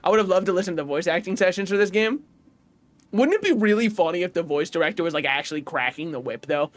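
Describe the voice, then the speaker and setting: Man in his twenties, game streamer: chatty, profane, laughing, high and very animated, desk mic. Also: fast, dry recording. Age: 20s. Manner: animated, laughing, swearing, rambling asides. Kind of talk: casual gaming livestream chat.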